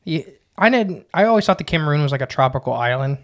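A man's voice: on the high side, lively intonation, quick pace. A man co-hosting a casual podcast, talking in a chatty, rambling way with lots of "uh" and "like". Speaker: podcast co-host.

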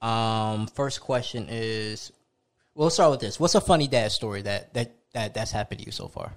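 A man hosting a casual podcast, asking his guest questions in a relaxed way with fillers. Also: fairly low pitch, normal speed, creaky. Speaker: podcast host.

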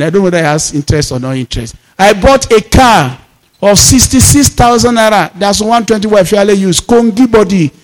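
A Nigerian-accented pastor preaches in a notably high voice, telling his own story with emphatic, punchy phrasing. He mixes in proverbs and builds each point with vivid storytelling. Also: darkish tone. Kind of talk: sermon.

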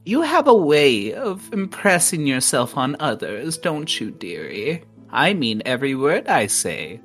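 A woman's voice: deep voice, sing-song, unhurried, soft background music, pitched above the performer's own voice. A woman voicing a sly, sickly sweet old hag granny who calls everyone dearie. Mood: sugary scheming.

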